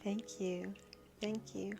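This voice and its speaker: A woman tarot reader speaks slowly to her viewers, her voice full of gravelly fry. She stops and restarts often and keeps asking "right?". Soft music plays faintly under her reading. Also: mid-range voice, level tone. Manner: halting, repeats herself, frequent "right?". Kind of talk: spiritual card reading to viewers.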